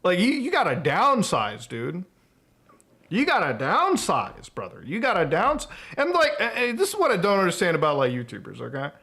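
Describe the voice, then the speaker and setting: High, lively-voiced ranting male streamer. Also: normal speed, vocal fry. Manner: profane, exasperated ranting with mocking outbursts. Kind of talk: casual livestream rant.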